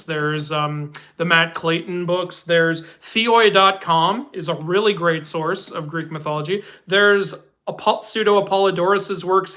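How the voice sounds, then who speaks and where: A man's voice: sits high, bright, forceful tone. A man hosting a casual live-stream Q&A, chatty and rambling, laughing often as he answers questions. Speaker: host.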